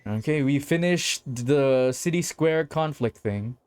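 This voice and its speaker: A man's voice: medium pitch, takes it slowly, clean tone, no echo. A man from the Philippines streaming a video game, casually commenting and reading its dialogue aloud. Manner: animated, jumps between playful commentary and character reads. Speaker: streamer and voice actor. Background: faint game music.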